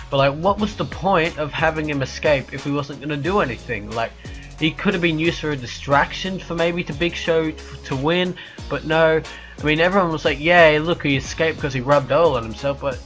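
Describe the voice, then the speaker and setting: A man's voice: a little high, fairly bright tone. A young man casually reviewing wrestling matches on his own show, rambling and joking, often correcting himself mid-sentence. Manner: rambling, quick, jokey with self-corrections. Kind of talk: casual solo review chat.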